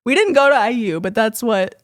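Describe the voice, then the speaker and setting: A woman's voice: on the high side, lively intonation, dry recording, studio quality. Chatty young woman, faint southern-tinged twang. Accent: slight Midwestern with a southern tinge. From Indiana, USA. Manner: chatty, rambling, laughs easily, quick asides. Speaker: podcast co-host. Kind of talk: casual chat.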